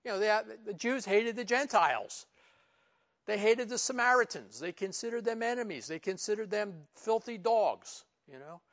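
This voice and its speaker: A man's voice: expressive, normal speed, a bit bright. A man preaching a conversational Bible lesson, using informal "you know" asides and rising for emphasis. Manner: rises in pitch and volume for emphasis. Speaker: pastor. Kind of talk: conversational verse-by-verse Bible teaching.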